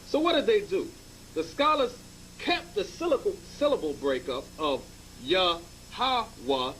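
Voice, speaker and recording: Animated man lecturing with emphasis. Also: sits high, a little hiss or hum, low-quality recording. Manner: emphatic, repeats "okay?" to check understanding. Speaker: teacher. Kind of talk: classroom-style lecture.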